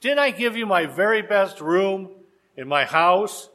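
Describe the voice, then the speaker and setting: A man's voice: high-pitched, lively intonation, measured pace, sharp tone, exaggerated voice. A man preaching voices a tired rich young man who pleads and questions plaintively.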